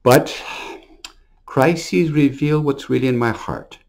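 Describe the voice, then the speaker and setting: A priest giving a short New Year homily in an earnest, storytelling way, sometimes repeating words. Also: male voice, mid-range voice, slow, vocal fry, a little mellow. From Montreal.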